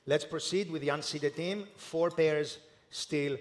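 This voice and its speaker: A man presenting a live draw ceremony in a formal, measured way, with the occasional hesitation. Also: a little high. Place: indoor ceremony hall.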